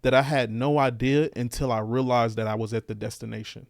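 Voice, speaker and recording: A man's voice: medium pitch, level tone, a little fast, creaky, dry recording, studio quality. A young man co-hosting a podcast, talking about faith in an earnest, candid way, often repeating phrases. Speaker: podcast co-host. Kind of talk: casual faith chat.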